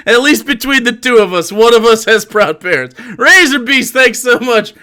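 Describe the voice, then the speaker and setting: Bright-voiced mocking male streamer. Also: very high-pitched, animated, unhurried, smooth. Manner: mocking, profane, laughs often. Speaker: livestreamer. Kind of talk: casual livestream chat.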